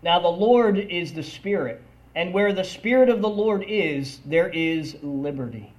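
A male preacher delivering a sermon in a high voice. He speaks slowly and emphatically, leaning on key words. He checks in with the congregation by calling out "Amen?". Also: lively intonation. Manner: slow, emphatic preaching with call-and-response "Amen?".

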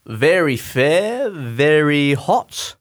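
A man's voice: a little high, big pitch swings, extremely slow, exaggerated voice. A man playing a laid-back young male knight in a comedy sketch, with an Australian accent and a bumbling, easygoing way of talking.

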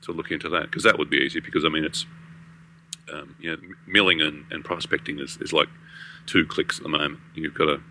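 A man's voice: very deep voice, fairly even intonation, brisk, pushed and bright, a little hiss or hum, low-quality recording. A man co-hosting a gaming podcast, chatting casually and rambling with many fillers. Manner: rambling with many ums and restarts. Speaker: podcast co-host. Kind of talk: casual chat.

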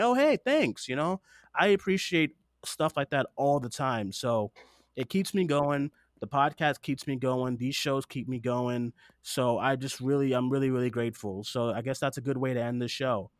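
A man's voice: medium pitch, no echo, clean studio sound. A man hosting a podcast in casual chat, rambling and earnest, swearing now and then, teary-eyed while speaking into a desktop mic. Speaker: podcast host.

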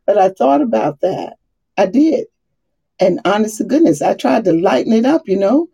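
A woman's voice: medium pitch, sing-song, moderate pace, creaky, warm tone, husky. A middle-aged woman giving a casual faith talk, laughing often and acting out the voices she quotes. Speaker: Bible study speaker.

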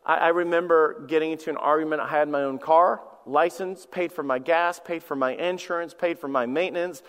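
A man's voice: fairly high pitch, fairly even intonation, a little fast, a bit bright, clear, resonant tone, big-room sound. A man in his forties preaching a sermon as pastor, telling personal stories and often repeating words as he starts a sentence. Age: 40s. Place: church sanctuary.

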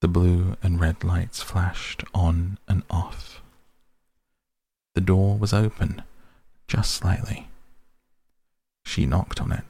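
Man, storybook narrator, very low voice, husky, slow and measured reading. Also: darkish tone, no room sound.

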